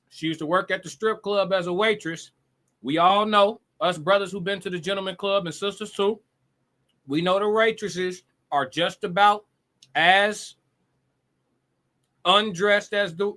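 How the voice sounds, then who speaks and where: Man, live show host, high voice, bright tone, blunt, profane, mocking. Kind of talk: casual reaction commentary.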